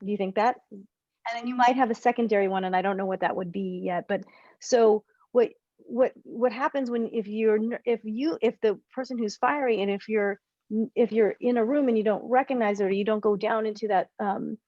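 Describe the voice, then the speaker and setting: A relationship coach, a woman, speaks briskly in a mid-range voice while running a group session on a video call. Her lively explanations meander and she frequently corrects herself and restarts sentences. No echo, and the highs are cut off.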